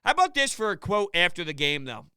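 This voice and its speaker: A man ranting in an opinionated sports commentary vlog, animated and exasperated. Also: high-pitched, fast talker, clean tone, no room sound. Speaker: sports vlogger.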